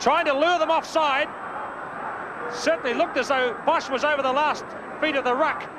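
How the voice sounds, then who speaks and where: A man giving brisk live rugby play-by-play commentary, lifting his voice on big plays, from a worn old videotape broadcast. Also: very high-pitched, fairly even intonation. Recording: worn old VHS broadcast with crowd noise.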